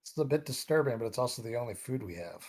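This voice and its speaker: A man's voice: mid-range voice, expressive, fast, a little mellow, lightly acted. A man playing a careful, curious adventurer who inspects a companion and asks questions. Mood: resigned. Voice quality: careful, inquisitive.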